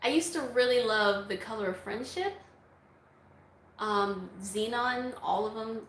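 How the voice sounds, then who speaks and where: A talkative woman answers viewer questions in a loose, casual vlog, laughing easily as she goes. Her voice sits a little high and carries a noticeable echo from the room, with a faint hum of ambience behind it. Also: measured pace. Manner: chatty, laughs often, breaks into song snippets. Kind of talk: casual Q&A chat.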